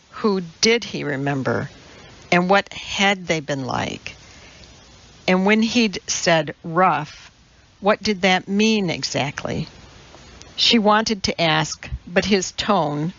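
A woman reading a novel aloud as a narrator, in a slow, measured way. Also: lowish voice, a bit bright. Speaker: audiobook narrator. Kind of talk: scripted narration. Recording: dull lo-fi recording.

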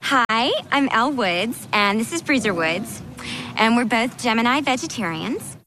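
A woman's voice: a little high, lively intonation, a little slow, bright, forceful tone, heavily acted, rough recording. An actress playing a bubbly young blonde woman in film dialogue, cheerfully introducing herself and her dog. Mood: chirpy.

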